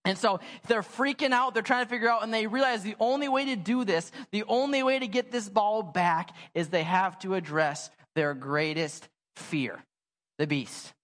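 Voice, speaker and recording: A man's voice: high voice, moderate pace. A young adult man preaching a sermon in a church. He tells stories casually and with animation, using lots of "like," and his voice has a long church reverb. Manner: casual, animated storytelling with many "like" fillers. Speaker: pastor. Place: church sanctuary.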